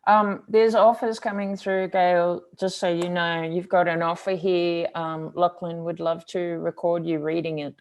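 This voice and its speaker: A woman hosting an online arts talk, casual and halting with many fillers. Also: lowish voice, a little mellow. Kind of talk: casual live-stream hosting.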